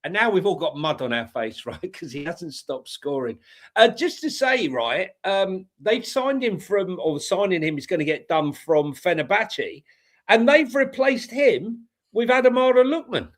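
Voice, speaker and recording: A man's voice: high voice, sing-song, measured pace. A man co-hosting a football podcast, chatting casually with rambling, laughing banter. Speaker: podcast co-host.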